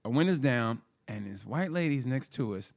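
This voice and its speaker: A man in his fifties, co-hosting a comedy podcast, telling childhood stories in a profane, animated way with sound effects. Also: medium pitch, normal speed, creaky. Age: 50s. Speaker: podcast co-host. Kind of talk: casual comedic storytelling.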